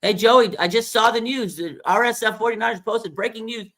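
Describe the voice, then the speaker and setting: A man voicing a doting mother who nags her grown son on the phone, in a high sing-song voice. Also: brisk, fairly bright tone. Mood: pleading.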